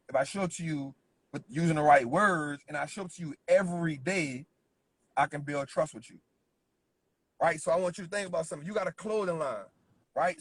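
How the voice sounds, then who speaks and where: Emphatic husky man coaching on business. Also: fairly high pitch. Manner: emphatic, repeats points with constant "right?" check-ins. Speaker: business speaker. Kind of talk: motivational business talk.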